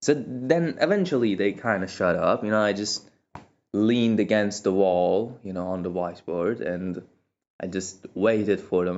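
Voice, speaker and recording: A man's voice: on the low side, unhurried, darkish tone, lo-fi sound. A young man casually telling a personal story on his vlog, rambling and self-deprecating with many asides. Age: young adult.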